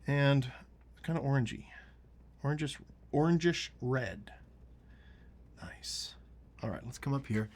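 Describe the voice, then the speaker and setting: A man hosting a relaxed painting tutorial, talking through each brushstroke and often sinking to a near whisper as he works. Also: mid-range voice, measured pace, long pauses. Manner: soft-spoken, often dropping to a near whisper while working. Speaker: painting show host.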